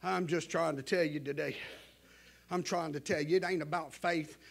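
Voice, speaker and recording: A man preaching a fervent sermon, swinging between shouted climaxes and hushed asides. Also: fairly high pitch, steady tone, normal speed, creaky.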